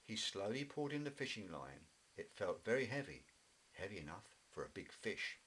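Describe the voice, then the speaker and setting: A man reading a children's story aloud in a gentle, expressive way. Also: fairly low pitch, moderate pace, breathy edge, rough recording. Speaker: narrator.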